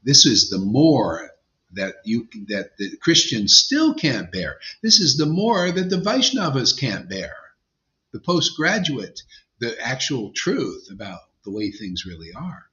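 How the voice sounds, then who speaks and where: Emphatic man preaching with lively pitch. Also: measured pace. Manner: emphatic, blunt, conversational, says "man" often. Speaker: spiritual teacher. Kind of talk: informal devotional sermon to a live audience. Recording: dull lo-fi sound.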